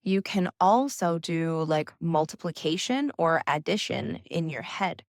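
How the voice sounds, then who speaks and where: Slow, gentle low-voiced woman coach. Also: animated, no echo, clean studio sound. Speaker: nervous system coach. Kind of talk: calm instructional talk.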